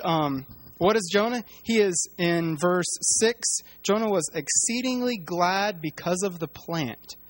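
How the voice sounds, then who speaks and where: Higher-voiced man teaching the Bible, halting. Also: no room sound. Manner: halting, many fillers and restarts.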